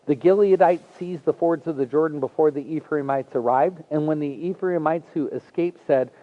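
A man's voice: a little high, moderate pace, narrow, tinny audio. A man preaching a sermon as a pastor, earnest and conversational, with folksy asides to the congregation.

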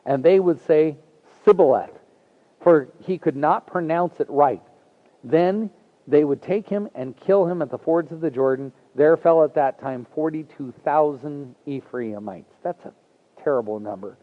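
A man's voice: on the high side, measured pace, narrow, tinny audio. A man preaching a sermon as a pastor, earnest and conversational, with folksy asides to the congregation.

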